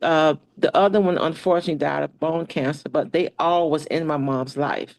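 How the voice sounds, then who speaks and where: A woman's voice: low voice, fairly quick, creaky, no room sound, low-quality recording. Woman telling her story, dry sound. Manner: relaxed, frequent fillers and restarts, reads poetry aloud. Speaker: interview guest. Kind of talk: personal storytelling in conversation.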